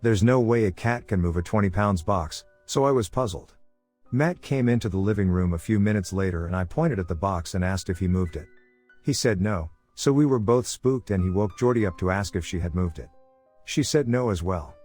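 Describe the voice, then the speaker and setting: A man, a voice actor, reading scary first-person stories in a calm, steady scripted narration. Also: low voice, moderate pace, dry recording, faint music behind. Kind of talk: scripted horror story narration.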